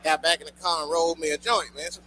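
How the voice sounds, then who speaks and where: A man performing a stand-up routine, telling a loose, profane story and shouting his punchlines. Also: fairly high pitch, level tone, fast talker. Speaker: stand-up comedian. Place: comedy club stage before a live audience. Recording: noisy live club recording.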